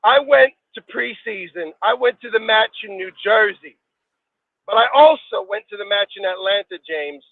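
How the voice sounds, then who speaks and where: An angry, swearing man calls in to a fan show, his voice pitched very high with a gravelly edge. He comes through a narrow, tinny line that sounds dry, with no room around him. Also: no echo. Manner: angry, swearing, fast-talking. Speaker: guest fan. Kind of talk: heated fan call-in chat.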